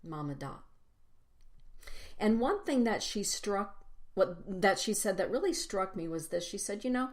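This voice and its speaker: A woman giving a personal spiritual talk to a congregation, speaking reflectively and building lists with slow, emphatic phrases. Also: medium pitch, animated.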